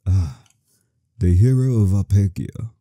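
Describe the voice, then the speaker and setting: Man doing gentle old bard storyteller. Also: deep voice, expressive, noisy background, voice pushed down. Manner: slow, gentle storytelling to children.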